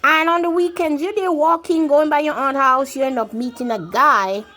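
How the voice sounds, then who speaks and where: High-voiced woman telling a story. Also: moderate pace, soft background music. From grew up outside the country she now lives in. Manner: rambling, quotes herself and others in lively acted-out voices. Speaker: vlogger telling a personal story. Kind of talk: casual spoken storytelling.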